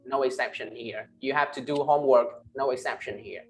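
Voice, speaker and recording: A male English teacher with a Vietnamese accent leads an online class. He models each word slowly and tags most phrases with "right?" or "huh?". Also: mid-range voice, faint music behind. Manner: ends phrases with tag questions "right?" and "huh?"; slow, emphatic model pronunciations. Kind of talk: online class, pronunciation drilling.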